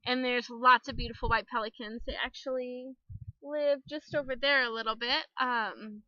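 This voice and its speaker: A woman's voice: on the high side, fairly even intonation, normal speed, bright, forceful tone, no echo, dull audio. A young woman talking candidly to camera outdoors by the water, chatty, laughing often and cussing a little. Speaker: vlogger. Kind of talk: casual personal vlog to camera.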